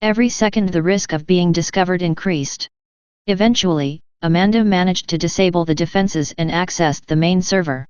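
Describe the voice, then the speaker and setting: A woman narrating a first-person story in an even, measured reading style. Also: on the low side, clear, resonant tone, no room sound. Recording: dull lo-fi sound.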